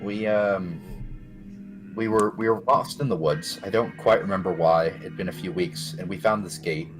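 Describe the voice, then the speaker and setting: A man's voice: low voice, moderate pace, over music. A man playing a tabletop game, asking polite, hesitant questions. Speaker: player. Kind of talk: in-character tabletop play.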